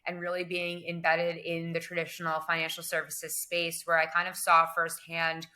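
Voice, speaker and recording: A young woman answering interview questions about her work in finance, measured and full of "um" and "kind of". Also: lowish voice, completely flat delivery, sharp tone. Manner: measured, many fillers and hedging phrases. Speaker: guest, crypto business development director.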